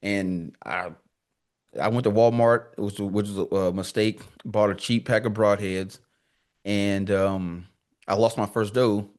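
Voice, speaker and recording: This podcast guest has a fairly low voice and takes his time. His talk is relaxed and full of slang, and he brings his stories to life by performing the quoted lines.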